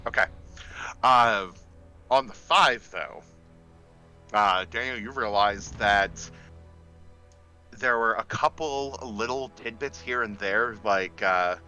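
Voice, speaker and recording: A man narrating a tabletop game as its game master, his voice sitting low but sounding very bright and forward. He talks in a relaxed, unhurried way and pauses often as he describes each scene. Faint music plays underneath. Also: clear, resonant tone, poor audio.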